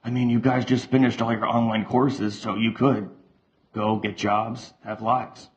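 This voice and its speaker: A man's voice: fairly low pitch, flat delivery, a little slow, lightly acted. A man voicing a caring uncle who speaks in a reassuring way. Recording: slightly muffled.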